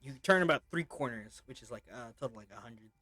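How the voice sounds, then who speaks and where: A man's voice: mid-range voice, expressive, quick pace, bright, forceful tone. A man running a tabletop game as game master, describing scenes in a loose, meandering way.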